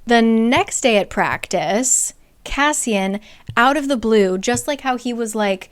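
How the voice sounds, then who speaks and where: A chatty woman recapping a book in a loose, casual way, peppering it with "like" and swearing. Her voice is smooth and clear and sits a little high. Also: expressive, unhurried. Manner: chatty, frequent "like", profane.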